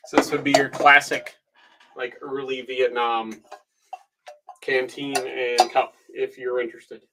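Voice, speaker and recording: A man's voice: mid-range voice, little pitch movement, a little slow, heavy background noise. A man auctioneering on a live stream from home, chatty and easygoing, with plenty of filler ums. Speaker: online auctioneer.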